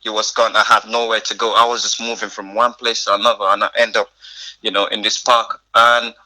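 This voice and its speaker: A young man from Africa, a podcast guest, telling his life story in a casual, animated way and acting out the dialogue. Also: lowish voice, fairly quick, low-quality recording. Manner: animated, acts out quoted dialogue, frequent laughs.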